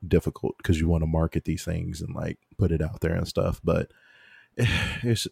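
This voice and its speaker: A man's voice: low-pitched, flat delivery, moderate pace, vocal fry, a little mellow, slightly rough, no echo, studio quality. A man co-hosting a podcast in casual, rambling chat, laughing often. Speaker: podcast co-host.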